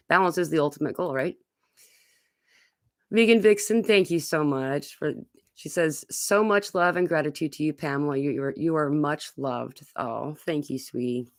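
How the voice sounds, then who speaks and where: A woman's voice: sits low, no echo, clean studio sound. A woman hosting a live online Q&A on spiritual topics, reading viewer comments aloud and talking in a rambling, casual way with many fillers.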